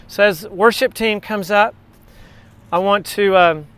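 Bright high-voiced man preaching. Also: measured pace, clear, resonant tone. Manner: conversational preaching with storytelling and rhetorical questions. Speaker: pastor. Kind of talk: sermon.

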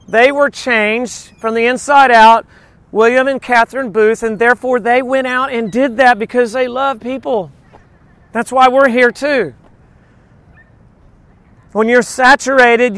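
High-voiced emphatic male preacher. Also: fairly even intonation, measured pace, fairly bright tone, smooth, no room sound. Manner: earnest, emphatic preaching with scripture quotes. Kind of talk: sermon.

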